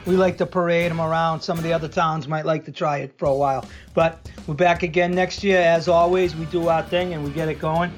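A man's voice: a little high, flat delivery, a little fast, hardly any pauses, faint music behind, lightly acted. A man doing a comic Boston-accented sports-fan character on a radio show, rambling and folksy, boastful about his hometown teams. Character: brash Boston sports-fan guy, middle-aged man.

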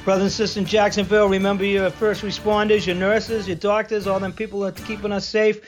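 A man's voice: high voice, level tone, quick pace, faint music behind, lightly acted. A man doing a comic Boston-accented sports-fan character on a radio show, rambling and folksy, boastful about his hometown teams. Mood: cheerful. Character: brash Boston sports-fan guy, middle-aged man.

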